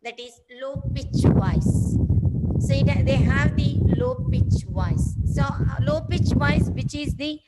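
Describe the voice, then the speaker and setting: High-pitched woman lecturer, patient and repetitive, noisy recording. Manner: slow, repeats and spells terms for students. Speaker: biology teacher. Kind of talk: online class lecture. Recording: loud background noise.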